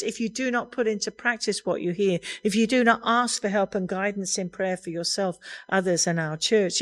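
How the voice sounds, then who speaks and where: A middle-aged woman preaching a sermon in an earnest, conversational way, laughing lightly now and then. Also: medium pitch.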